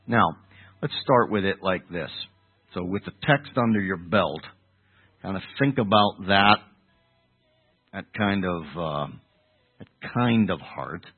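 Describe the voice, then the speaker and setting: A man preaching an expository sermon, halting and correcting himself as he goes, asking the listeners rhetorical questions. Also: low-pitched, lively intonation, husky, soft background music. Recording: tinny phone-like narrow sound.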